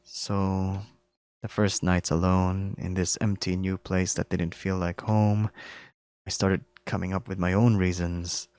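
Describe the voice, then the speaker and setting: A heartbroken older male bear from a visual novel, as a man reads him aloud. His voice is hoarse, low and flat, and he talks slowly and quietly. The sound is dry and close. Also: no echo. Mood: subdued.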